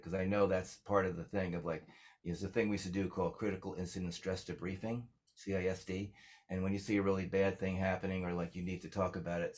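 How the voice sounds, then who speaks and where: A man's voice: low-pitched, darkish tone, slightly rough. A man telling stories as a songwriter guest in a casual interview, rambling with lots of fillers.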